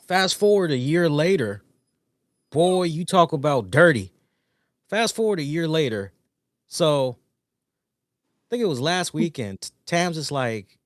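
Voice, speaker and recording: A man's voice: fairly high pitch, lively intonation, a little slow, dry recording, clean studio sound. A man co-hosting a live-stream talk show, telling stories casually and animatedly with some swearing. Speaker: podcast co-host.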